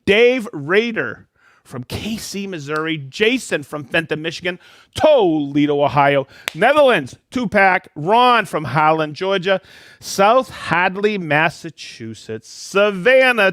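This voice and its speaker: A man's voice: on the high side, a bit bright, dry recording, studio quality. Upbeat man hosting a live stream. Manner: upbeat, jokey, reading names and places aloud. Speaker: host of a live product show. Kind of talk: livestream shout-outs to viewers.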